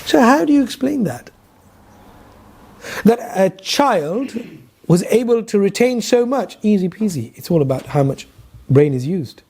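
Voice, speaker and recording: A man's voice: sits high, sing-song, unhurried, vocal fry, long pauses, darkish tone, slightly rough. A middle-aged man with a London accent, teaching a Quran lesson to a class in a conversational way, putting questions to the audience and telling stories along the way. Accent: London English. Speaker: Islamic teacher.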